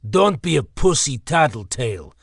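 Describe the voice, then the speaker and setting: A man's voice: medium pitch, big pitch swings, moderate pace, vocal fry, no room sound, studio quality. A man voicing a bullying male griffin with a thick Slavic accent and taunting, clipped speech in an audiobook. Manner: taunting, clipped broken phrasing.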